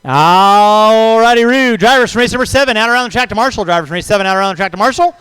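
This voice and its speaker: A man with a very high, smooth voice announces a hobby race. He is brisk and jokey, reeling off driver names in quick runs, and the sound is close and dry. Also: fairly bright tone, dry recording, rough recording. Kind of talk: live race commentary.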